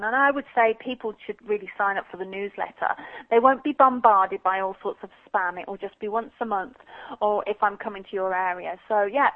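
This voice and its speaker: A woman from Birmingham with a light Birmingham accent, a guest telling stories in an animated, chatty way over the phone. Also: mid-range voice, dry recording. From Birmingham, England. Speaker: guest psychic medium. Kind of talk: casual interview chat. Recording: tinny phone line.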